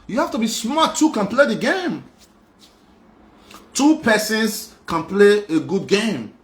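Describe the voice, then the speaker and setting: A man's voice: high-pitched, sing-song, slow pace, echoey room. A young man, speaking on a live show in an insistent, repetitive, emphatic monologue. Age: young adult. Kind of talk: emotional personal monologue.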